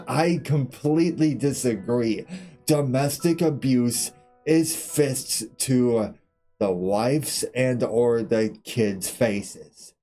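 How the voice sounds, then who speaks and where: Between segments of a game stream, a man with a medium-pitched, dark voice laughs his way through frank, foul-mouthed tales about growing up.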